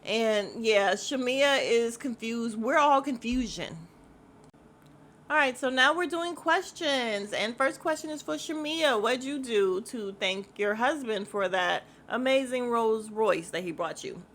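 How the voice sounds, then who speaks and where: A woman hosting a podcast in casual chat, blunt and profane, talking to her listeners about a reality show in an animated way. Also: fairly high pitch, a little slow. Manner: animated, mimics voices of others in quotes.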